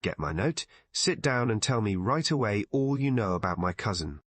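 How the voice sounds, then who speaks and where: A pugnacious American man in his thirties, with a light American accent, blunt and abrupt, his voice lively in pitch, as a male audiobook reader plays him. The voice has a husky grain, recorded dry and close. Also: moderate pace, no room sound.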